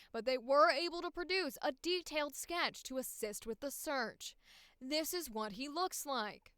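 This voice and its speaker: A woman voicing a professional, upbeat female news reporter in an audition read, enunciating crisply like a typical newscaster. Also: high voice, a bit bright, no room sound, studio quality.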